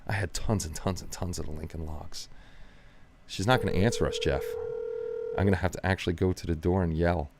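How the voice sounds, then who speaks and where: A man's voice: sits low, brisk, noisy background. A man hosting a casual livestream, chatting straight to his viewers from home. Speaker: livestream host.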